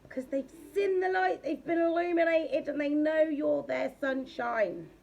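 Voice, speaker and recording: A woman's voice: high-pitched, expressive, a little slow, creaky, darkish tone. A woman giving a casual tarot reading. She talks bluntly and chattily, and she swears freely. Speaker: tarot reader.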